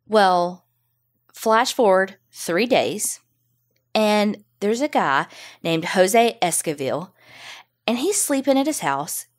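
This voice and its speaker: Animated, profane woman podcast storyteller. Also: medium pitch, slow pace. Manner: profane, animated retelling with sassy asides. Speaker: podcast co-host. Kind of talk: casual true-crime storytelling.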